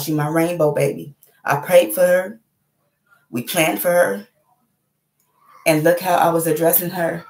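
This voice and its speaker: A mother in her thirties telling a spiritual story in a casual, animated way, swearing freely and talking straight to her viewers. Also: low voice, echoey room.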